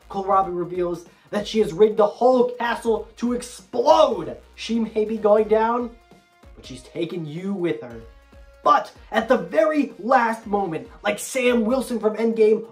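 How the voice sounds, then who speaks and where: A woman narrating a video game story recap in a scripted, playful style with sarcastic asides. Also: mid-range voice.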